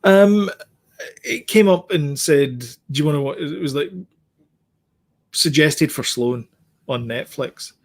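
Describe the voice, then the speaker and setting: A man's voice: on the high side, slow, pauses often. A man co-hosting a podcast, giving blunt opinions in casual chat with many ums and restarts. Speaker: podcast co-host.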